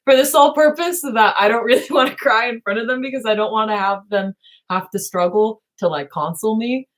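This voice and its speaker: A woman's voice: fairly high pitch, fairly quick. A young woman hosting a casual late-night stream, rambling with many fillers and laughing often as she talks. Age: young adult. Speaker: live stream host chatting with her sister.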